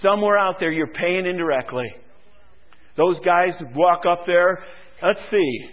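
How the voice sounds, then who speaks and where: A man's voice: sits high, a little slow. A man preaching a sermon as pastor, sarcastic and emphatic, mocking his listeners. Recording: tinny phone-like recording.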